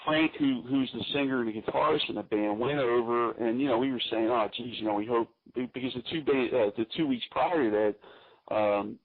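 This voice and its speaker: A man from Philadelphia, a guest musician telling stories in a casual, animated way with frequent laughs, over a tinny phone-line radio call. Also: mid-range voice, normal speed. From Philadelphia, USA. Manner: chatty, animated, laughs often. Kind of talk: casual interview storytelling.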